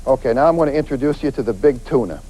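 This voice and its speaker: A man, a police detective, giving a lively lecture on avoiding crime, acting out quoted voices and hammering points with repetition. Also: mid-range voice, fast talker, low-quality recording. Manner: animated, acts out quoted voices, emphatic repetition.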